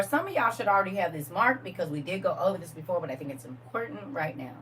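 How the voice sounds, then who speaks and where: A woman's voice: mid-range voice, big pitch swings, fairly quick, hardly any pauses, recorded from a distance, a little hiss or hum. A woman leading a casual livestream reading, playful and joking with her chat and laughing often.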